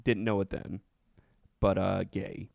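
A man with a low, gravelly voice trades crude jokes and childhood stories in a loose, joking way. He sounds close and dry on the mic. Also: flat delivery, slow pace, darkish tone, no echo. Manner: joking, storytelling, acts out voices. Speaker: podcast co-host. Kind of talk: casual crude comedy chat.

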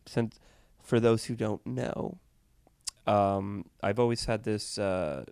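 A man's voice: lowish voice, slow, gravelly, a little mellow, clear, resonant tone, dry recording, studio quality. A man co-hosting a casual comedy podcast, arguing playfully and explaining with analogies. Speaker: podcast co-host. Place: hotel room.

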